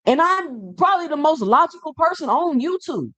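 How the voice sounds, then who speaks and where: A man's voice: extremely high pitch, sing-song, normal speed, sharp tone. Emphatic man ranting about boxing. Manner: emphatic, repetitive, rhetorical questions. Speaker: boxing show host. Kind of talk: casual opinion rant to camera.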